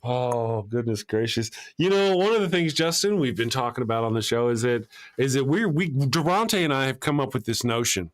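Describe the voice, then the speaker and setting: A man's voice: mid-range voice, expressive, normal speed, few pauses. A man hosting a casual livestream podcast, chatting loosely with a co-host, laughing often and reading viewer messages aloud.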